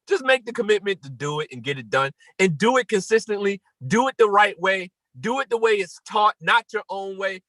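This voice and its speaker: Emphatic high-voiced motivational speaker. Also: male voice, no room sound, low-quality recording. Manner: emphatic and repetitive, rising to near-shouts. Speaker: motivational speaker hosting a morning call. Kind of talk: motivational talk.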